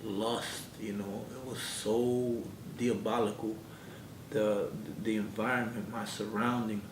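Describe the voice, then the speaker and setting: Speaking slowly and evenly, this interview guest sincerely narrates his own life and performs the quoted conversations as he goes. The mic sits far off in an echoing room, and a low rumble runs underneath.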